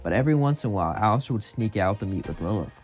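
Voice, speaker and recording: Guy narrating a fan fiction story, lowish voice, kinda run-on, soft music behind. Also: animated, very fast. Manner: run-on narration strung together with "as" and "would". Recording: faint music underneath.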